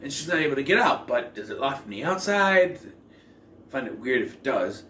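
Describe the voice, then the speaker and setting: A man's voice: medium pitch, very animated, moderate pace, a bit bright, far from the mic. A man hosting a casual film review, talking in a rambling, conversational way with lots of fillers and self-corrections. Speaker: film reviewer, channel host. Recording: echoey room with faint ambient noise.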